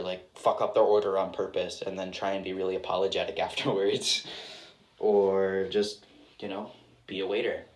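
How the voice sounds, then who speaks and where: A young adult man answering interview questions in a casual, rambling way. He uses lots of filler words and pokes fun at himself. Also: sits low. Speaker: actor guest. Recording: roomy with faint background noise.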